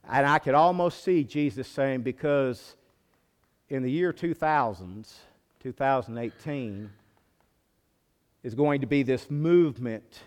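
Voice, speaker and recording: A male pastor preaching a sermon, moving from quiet low teaching to loud, high-pitched preaching. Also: slow pace, pauses often.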